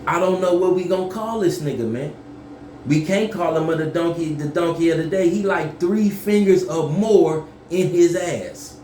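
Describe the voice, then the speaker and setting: A man telling a story casually to camera, profane and animated, yelling when he acts things out. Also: a little high, moderate pace, roomy sound, slight background noise.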